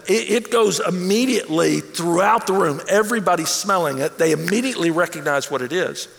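High-voiced man preaching in a hall. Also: creaky. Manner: animated preaching, rising to near shouts. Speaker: pastor. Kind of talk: sermon.

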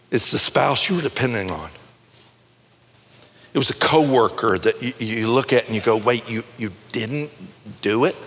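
A middle-aged man preaching a sermon in a conversational, animated way, telling stories and often repeating words as he starts a phrase. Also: mid-range voice, long reverb tail. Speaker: pastor. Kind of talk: sermon with storytelling.

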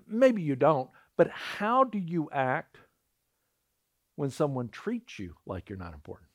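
A man's voice: fairly high pitch, huge pitch swings, moderate pace. A man preaching a sermon, telling a personal story and acting out the voices in it, often repeating words as he starts a thought. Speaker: pastor.

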